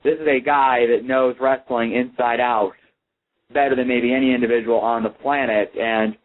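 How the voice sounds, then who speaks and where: A man's voice: mid-range voice, fairly even intonation, moderate pace. A man co-hosting a wrestling talk show, telling stories casually with lots of "like" and "um". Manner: storytelling, full of "like" and "um". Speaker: radio show co-host. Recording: tinny phone-line sound.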